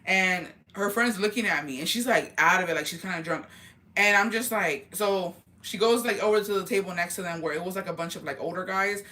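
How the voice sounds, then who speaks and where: A woman's voice: lowish voice, bright, forceful tone. A woman telling a story to her viewers as casual gossip, heated and full of swearing. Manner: profane, heated, rapid retelling.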